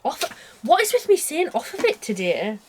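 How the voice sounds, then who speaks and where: Chatty British woman, slightly high voice. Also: huge pitch swings, moderate pace, a little mellow, a little hiss or hum. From United Kingdom. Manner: rambling, chatty and self-deprecating, with frequent asides. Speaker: cross-stitch vlogger. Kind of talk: casual chat to camera. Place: her bedroom at home.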